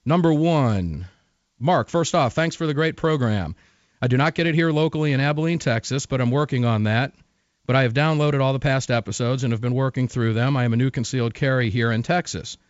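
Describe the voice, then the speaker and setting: A man's voice: medium pitch, brisk, dry recording, muffled recording. A man hosting a radio talk show, reading listener emails and talking with a guest in an emphatic, conversational way that repeats phrases for stress.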